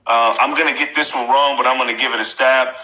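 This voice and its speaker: Emphatic bright-voiced man coaching viewers live. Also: medium pitch, fairly even intonation, fast talker, slight background noise. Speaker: motivational speaker hosting a live stream. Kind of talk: live-stream motivational talk. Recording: echoey room.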